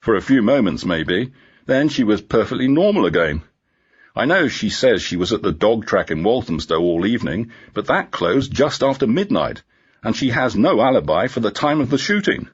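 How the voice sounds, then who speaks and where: Brisk joking cop from a storybook, a man doing him, husky low voice, dull lo-fi audio. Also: big pitch swings. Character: persistent male police inspector, joking. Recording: dull lo-fi recording.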